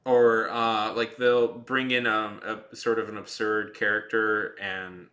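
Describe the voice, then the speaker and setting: An artist livestreaming while he draws chats casually with viewers, rambling, full of fillers and dryly sarcastic. His voice is lowish and slow, with a sharp tone and little pitch movement.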